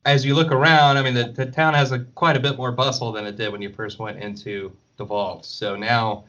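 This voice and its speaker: A man narrating a tabletop game as game master in relaxed, descriptive style. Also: medium pitch, brisk, highs cut off.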